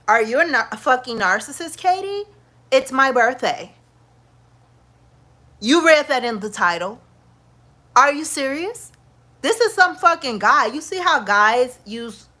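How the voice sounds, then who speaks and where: A woman, chatting bluntly and profanely to her viewers in a casual livestream. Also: mid-range voice. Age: 50s. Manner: blunt, animated and profane, talks straight to viewers. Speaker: makeup vlogger.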